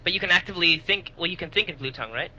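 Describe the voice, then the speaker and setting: A man's voice: high-pitched, rapid-fire, sharp tone, dull audio, a little hiss or hum. A man playing in a tabletop game over a voice call, rambling animatedly with many fillers. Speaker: player. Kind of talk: casual tabletop role-play chat. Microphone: online voice call.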